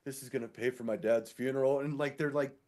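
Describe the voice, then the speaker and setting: A man's voice: medium pitch, quick pace. A man co-hosting a podcast, telling a work story in casual chat and acting out the people he quotes. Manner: animated, acts out quoted voices. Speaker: podcast co-host; sewer inspector.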